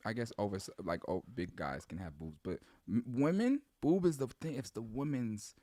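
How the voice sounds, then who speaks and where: A man's voice: medium pitch, sing-song, moderate pace, dark tone, no echo, clean studio sound. A young man in casual livestream banter, laid-back and teasing, explaining his views at length.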